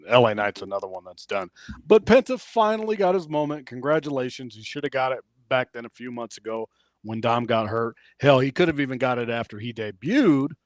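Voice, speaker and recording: Male wrestling podcast co-host, animated recap style, dry sound. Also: mid-range voice, no room sound. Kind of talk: casual chat.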